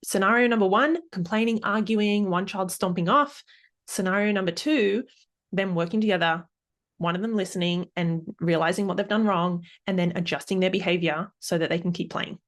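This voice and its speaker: A woman's voice: mid-range voice, normal speed. A woman in her thirties hosting a solo parenting podcast, upbeat, laughing often and acting out examples. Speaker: podcast host and parenting coach.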